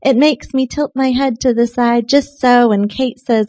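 A woman poet reads her work aloud at a live poetry night, in a fairly high voice. The sound is dry, with almost no room echo. Between poems she drops into soft, casual asides. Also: a little slow, hardly any pauses. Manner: expressive reading with soft, chatty asides. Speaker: featured poet.

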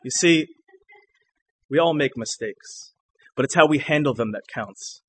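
A young man performing spoken word poetry for a live audience, moving between loud declamation and hushed lines, and bantering loosely between poems. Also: medium pitch, measured pace, slight background noise.

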